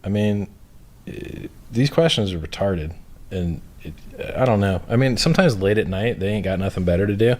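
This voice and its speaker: A man's voice: on the low side, moderate pace, darkish tone. A man on a video call, talking bluntly and jokingly, with plenty of profanity. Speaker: interview guest. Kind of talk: casual interview chat.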